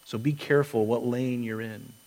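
A man's voice: medium pitch, steady tone, normal speed, a little mellow, rough recording. A man preaching a sermon as a pastor, earnest, acting out quotes and often restarting his sentences.

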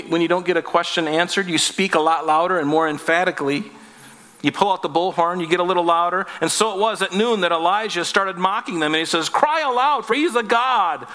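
A man preaching with a bright, forceful tone and a voice a little higher than most men's. He drives his points home emphatically, with rhetorical questions and wry asides. His words ring out with a long reverb from a church hall. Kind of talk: sermon.

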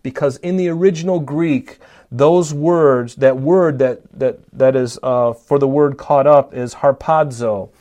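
A man's voice: mid-range voice, unhurried, mellow, muffled recording. A man preaching a Bible-teaching sermon, emphatic, often saying "notice" and asking his listeners questions.

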